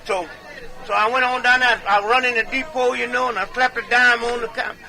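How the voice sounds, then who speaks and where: A man's voice: extremely high pitch, level tone, brisk, gravelly, bright, forceful tone, low-quality recording. A man telling comic tall tales in a folksy, drawling way, chuckling between punchlines like a medicine show comedian. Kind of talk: comic tall-tale storytelling.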